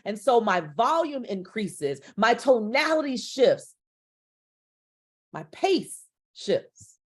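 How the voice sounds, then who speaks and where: A woman's voice: fairly high pitch, sing-song, takes it slowly, pauses often. A middle-aged woman teaching a public speaking workshop, shifting her volume and pace to demonstrate. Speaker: speaker trainer.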